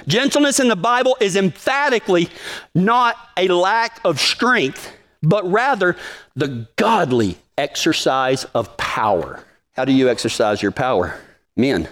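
A man preaching a sermon to his congregation in a folksy, joking manner, swinging from low and quiet to high and emphatic. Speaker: preacher of a cowboy ministry.

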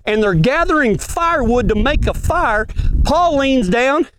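A man's voice: very high-pitched, animated, a little slow, fairly bright tone, a little hiss or hum. A man preaching a folksy sermon at a ranch gathering, asking the room questions as he goes.

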